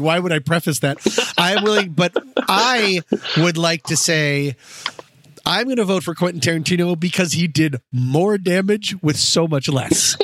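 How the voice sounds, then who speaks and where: A man's voice: high voice, dry recording. A man co-hosting a podcast in casual chat, playful and laughing often, on a noisy recording. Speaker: podcast co-host. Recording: noisy recording with steady hiss.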